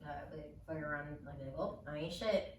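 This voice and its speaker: Young woman telling animated stories. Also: low-pitched, quick pace, echoey room, far from the mic. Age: 20s. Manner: animated storyteller acting out quotes. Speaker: podcast co-host. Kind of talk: casual chat.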